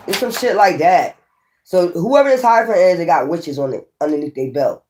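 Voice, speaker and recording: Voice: mid-range voice, normal speed, darkish tone. A tarot reader giving a casual reading straight to viewers, rambling, swearing and hammering points home. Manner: rambling, profane, emphatic.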